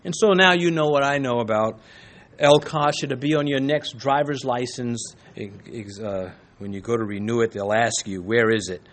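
A man's voice: mid-range voice, moderate pace, fairly bright tone. A man teaching a Bible lesson in a conversational sermon style, with folksy asides and frequent restarts.

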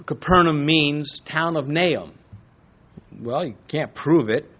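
A man's voice: mid-range voice, a bit bright. A man teaching a Bible lesson in a conversational sermon style, with folksy asides and frequent restarts.

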